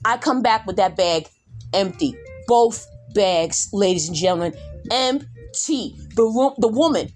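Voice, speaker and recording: A middle-aged woman hosting a podcast, telling a story loudly and animatedly, talking straight to her listeners and swearing casually. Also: mid-range voice, a little slow, faint music behind. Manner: animated, loud, addresses listeners directly, swears. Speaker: podcast host.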